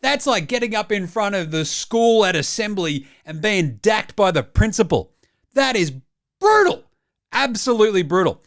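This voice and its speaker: An Australian man hosting comedic sports highlights, with cheeky, mocking banter. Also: lively intonation, moderate pace. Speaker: host.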